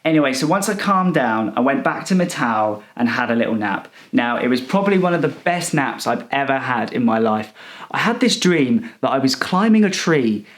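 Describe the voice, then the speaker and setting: A young man telling a rambling, self-righteous comic story in a deadpan, indignant manner. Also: medium pitch, normal speed. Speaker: comedic character monologue performer.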